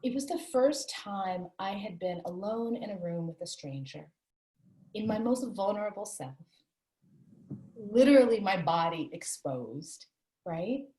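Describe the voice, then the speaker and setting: Woman, interview guest, reflective, earnest, medium pitch, echoey room. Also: expressive, a little slow, dark tone. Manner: reflective, earnest storytelling with bursts of laughter. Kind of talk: candid conversational interview. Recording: roomy echo.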